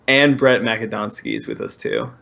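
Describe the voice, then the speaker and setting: Male podcast host, casual and laughing, mid pitch. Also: normal speed, creaky, fairly bright tone. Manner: laughing, chatty. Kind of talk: casual chat.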